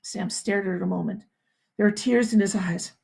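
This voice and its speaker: A woman school principal reading a novel aloud to her students with expressive storytelling. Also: medium pitch, moderate pace, vocal fry, slightly rough. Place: home, livestream.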